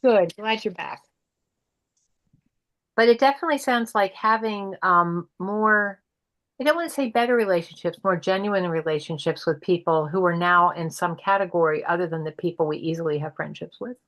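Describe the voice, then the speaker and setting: A woman's voice: fairly low pitch, moderate pace, a bit bright, poor audio. A woman facilitating a group discussion over a video call, speaking thoughtfully and guiding the others.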